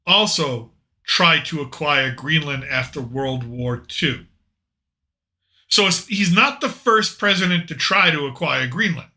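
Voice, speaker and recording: A man's voice: fairly high pitch, unhurried, sharp tone. A man hosting a podcast, chatting casually and jokingly about politics with rambling, opinionated asides. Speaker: podcast host.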